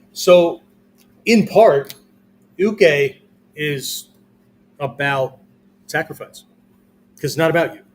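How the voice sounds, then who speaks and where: There's a little hiss or hum behind this male martial arts instructor, whose voice sits on the high side. He talks through a whiteboard lesson in a loose, conversational way with fillers, tacking "okay?" or "right?" onto almost every phrase.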